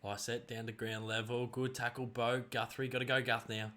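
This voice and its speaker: An Australian man calling a game live for his stream, his voice at an everyday middle pitch. He rattles off player names in quick bursts and jumps into loud, excited calls when the play heats up. It is casual, chatty commentary.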